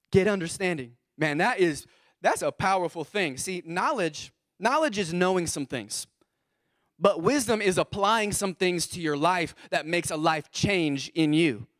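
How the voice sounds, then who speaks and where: High-voiced, fired-up male pastor. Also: normal speed, a bit bright, no echo, studio quality. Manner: fired-up, calls out to the congregation. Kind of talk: energetic sermon.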